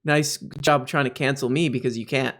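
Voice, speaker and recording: A man hosting a comedy commentary show, talking through clips in a sarcastic, rambling way. His voice sits at a middling pitch, and every so often he breaks into shrill mock outbursts. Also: steady tone, moderate pace, fairly bright tone.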